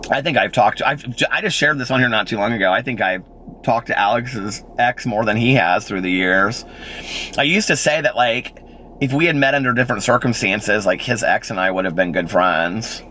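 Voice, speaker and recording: A man's voice: mid-range voice, expressive, moderate pace, pushed and bright, a little hiss or hum. A man in his forties telling a rambling personal story in a casual vlog, full of fillers and little laughs. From Indiana, United States. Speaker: vlogger.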